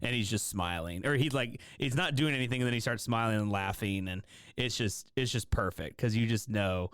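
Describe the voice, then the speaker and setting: A man co-hosting a casual sports betting podcast, telling stories animatedly and jumping up in pitch when excited. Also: fairly quick, clean tone, no room sound, studio quality. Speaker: podcast co-host.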